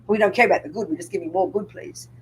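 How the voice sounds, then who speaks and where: A woman's voice: fairly low pitch, fast talker, a little hiss or hum, rough recording. An older woman, a Buddhist nun, giving a public dharma talk and pressing her audience with rhetorical questions.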